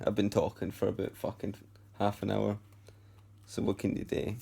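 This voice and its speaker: A young Scottish man talks in a loose, rambling vlog, swearing freely and correcting himself as he goes. His voice sits low with a gravelly fry. He sounds worn out and knackered. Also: completely flat delivery, normal speed, warm tone, slight background noise. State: tired. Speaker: vlogger. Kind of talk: casual chat.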